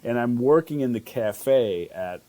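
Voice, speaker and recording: A man's voice: mid-range voice, expressive, a little slow, warm tone. A man, a chef telling stories in an interview, rambling with fillers and restarts. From Chicago. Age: 50s. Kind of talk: casual interview storytelling.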